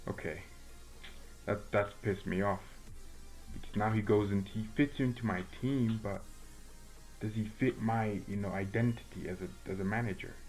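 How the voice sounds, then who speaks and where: A man's voice: lowish voice, steady tone, normal speed, darkish tone, soft background music. A teenage boy from the United States chatting casually while he plays a video game, rambling with lots of restarts and fillers. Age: teens. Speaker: gaming streamer and fan commentator.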